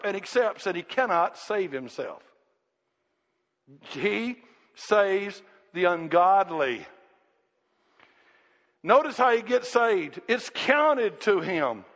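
A high-pitched man preaches with animated emphasis, acting out voices and rising to shouts. His voice carries a long reverb through a hall. The recording sounds dull and lo-fi. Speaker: pastor. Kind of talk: sermon. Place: church.

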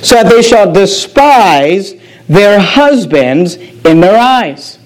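A man preaching a sermon as pastor, emphatic, repeating phrases and dropping low to stress key words. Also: very animated, slow, low-quality recording. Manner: emphatic preacher with sharp pitch drops and repetitions.

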